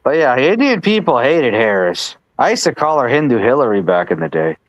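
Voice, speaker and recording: A man's voice: medium pitch, sing-song, brisk, dull audio, a crowd in the background. A man hosting a casual political chat on a live stream, rambling with lots of restarts and asides. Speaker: host.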